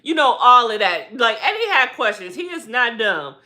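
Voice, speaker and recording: A woman vlogger giving a casual, animated recap with slangy talk and lots of rhetorical asides. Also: on the high side, moderate pace.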